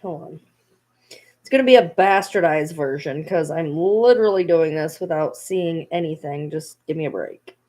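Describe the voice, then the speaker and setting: A woman's voice: sits low, moderate pace, darkish tone. A woman vlogging casually at home, playfully scolding her dogs in a baby-talk tone. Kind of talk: casual vlog chat.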